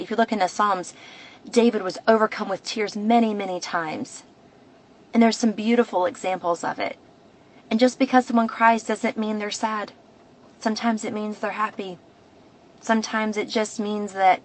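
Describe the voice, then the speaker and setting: A woman's voice: medium pitch, poor audio. A woman hosting a devotional podcast, talking in an earnest, reflective way and often restarting her sentences. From United States. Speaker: podcast host.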